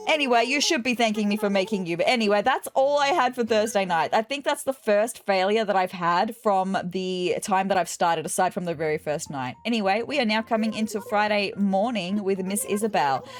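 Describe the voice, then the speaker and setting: A woman's voice: medium pitch, moderate pace, few pauses. A woman hosting a let's-play, chatting casually and playfully through her game with wry asides. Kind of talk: casual game commentary, reading characters' lines aloud. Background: faint game music.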